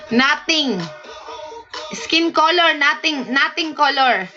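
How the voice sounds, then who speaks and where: A woman's voice: high-pitched, extremely slow, lo-fi sound, over music. A woman from the Philippines with a Filipino accent, chatting playfully in simple broken English on a casual livestream and laughing often. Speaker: livestream host. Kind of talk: casual livestream chat reading comments.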